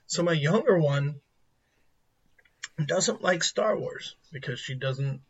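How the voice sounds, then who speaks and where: A man in his thirties casually telling animated stories about his family, acting out their lines. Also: fairly high pitch, takes it slowly, slightly rough. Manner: animated anecdotes, acts out family quotes. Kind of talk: casual storytelling chat. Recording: lo-fi muffled audio.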